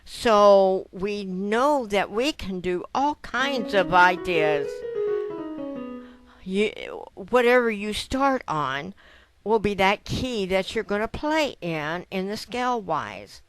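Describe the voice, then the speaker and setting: Woman piano teacher, slow unhurried speech, patient, counts notes aloud, piano notes in between. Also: mid-range voice, animated. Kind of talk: piano lesson. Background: piano notes played between phrases.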